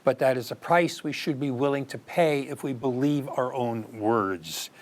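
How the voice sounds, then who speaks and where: A man's voice: mid-range voice, a little slow. Earnest male political commentator. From United States. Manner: earnest, rhetorical questions, emphatic rises. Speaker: news commentary host.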